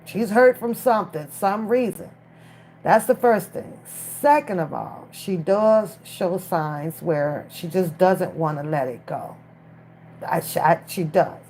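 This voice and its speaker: A woman's voice: fairly low pitch, slow, a little mellow. A woman chatting casually on a live stream from her phone, talking straight to the viewers in chat. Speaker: livestream commentator.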